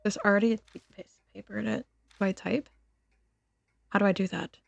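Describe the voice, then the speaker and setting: A woman's voice: medium pitch, fairly even intonation, fairly quick, vocal fry, no room sound, dull audio. A woman streaming a game, chatting casually with her viewers in a teasing, giggly way and reading the game's text aloud. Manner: teasing, giggly banter with chat.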